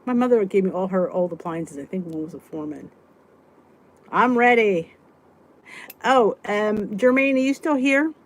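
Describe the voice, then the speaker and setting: A middle-aged woman hosting a live stream, talking casually in a medium-pitched voice. She reads viewers' comments and answers them one by one, often trailing off and restarting her sentences. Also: moderate pace, long pauses. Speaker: weight-loss vlog host reading live chat.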